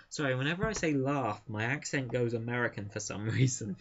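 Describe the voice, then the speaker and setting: A man's voice: mid-range voice, lively intonation, fairly quick, hardly any pauses, slight background noise. Guy gushing about a comic, lots of ums, mid voice, muffled lo-fi audio. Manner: enthusiastic, chatty with frequent fillers. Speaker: comic book reviewer. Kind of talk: casual review talk.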